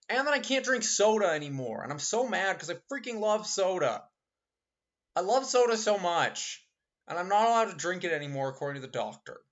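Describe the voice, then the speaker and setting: A man's voice: medium pitch, fairly bright tone. Rambling male streamer, muffled audio. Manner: rambling and chatty, with jokey complaints. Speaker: streamer playing a visual novel. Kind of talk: casual gaming commentary. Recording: slightly muffled stream audio with faint game music.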